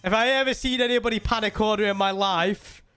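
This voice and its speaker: High bright-voiced streamer. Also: male voice, brisk, clean tone. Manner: rambling, laughing storyteller talking to chat. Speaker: game streamer. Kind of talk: casual live-stream chat.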